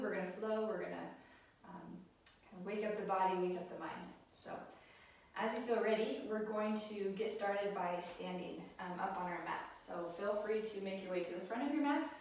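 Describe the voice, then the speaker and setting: Gentle woman guiding yoga in a roomy space. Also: mid-range voice, a little hiss or hum. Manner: gentle and encouraging, frequent ums. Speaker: yoga instructor. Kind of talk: guided yoga class instruction. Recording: roomy echo, mic set at a distance.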